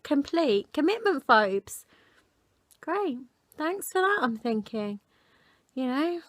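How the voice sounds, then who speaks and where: A woman in her thirties telling a story to camera in an indignant, animated way. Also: on the high side, no echo. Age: 30s. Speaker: vlogger. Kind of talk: casual talk to camera.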